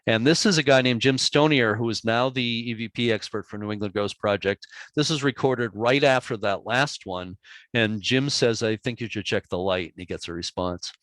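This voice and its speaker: A man giving a relaxed, chatty talk to a library audience, telling ghost stories over slides and audio clips with easy chuckles. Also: medium pitch, moderate pace, dry recording. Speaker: author giving a library presentation.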